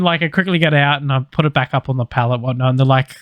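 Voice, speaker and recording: A man's voice: mid-range voice, fast, hardly any pauses, a bit bright, clean tone, dry recording, studio quality. A man casually telling a podcast story, loose and sweary with lots of fillers. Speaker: podcast co-host.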